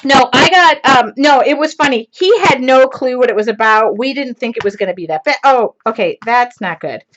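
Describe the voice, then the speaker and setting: A woman's voice: high-pitched, expressive, normal speed, fairly bright tone, slight background noise. Chatty woman on lo-fi livestream audio. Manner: rambling, laughing, self-deprecating. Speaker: craft livestream host. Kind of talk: casual chatty storytelling while crafting.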